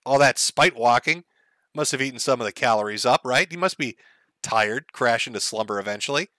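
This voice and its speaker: Bright, sarcastic male streamer. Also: mid-range voice, a little fast, no echo. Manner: mocking, deadpan sarcasm with laughs. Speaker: streamer host.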